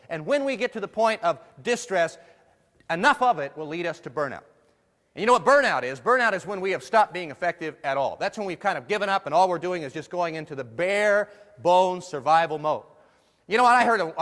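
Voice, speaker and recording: Male keynote speaker, jokey and engaging with the crowd, high voice, lots of hall reverb. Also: fairly bright tone. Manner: playful, jokey, asks the audience questions. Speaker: motivational speaker. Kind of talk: humorous keynote talk to a live audience.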